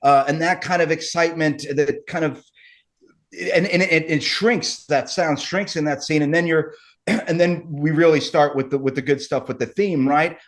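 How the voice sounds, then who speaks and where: A man's voice: on the high side, steady tone, normal speed. A middle-aged man, an actor guest, chatting casually and rambling with many restarts. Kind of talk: casual interview chat.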